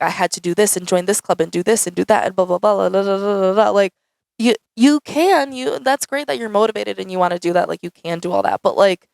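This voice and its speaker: A woman's voice: fairly low pitch, creaky, no echo, low-quality recording. A young woman answering viewer questions in a casual, chatty vlog, saying "like" a lot. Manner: chatty, says "like" often, animated. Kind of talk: casual Q&A chat. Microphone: camera mic.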